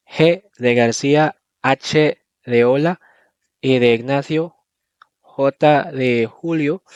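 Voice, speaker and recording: A man recites a list slowly and evenly in a smooth, clear voice. The recording is dry and muffled, with a lo-fi feel. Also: medium pitch, no room sound. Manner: measured, even recitation. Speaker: alphabet reciter. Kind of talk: slow recited word list.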